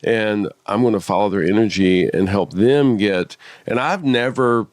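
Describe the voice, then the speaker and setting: Man, low voice, therapist co-hosting a podcast, animated, acts out dialogue, dry close sound. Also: measured pace, no echo. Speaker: therapist and co-host. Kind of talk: casual podcast conversation.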